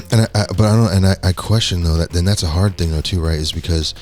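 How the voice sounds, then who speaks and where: A man's voice: low voice, fast talker, a little mellow, faint music behind. A man co-hosting a podcast in casual chat, frank and joking with slangy turns of phrase. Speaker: podcast co-host.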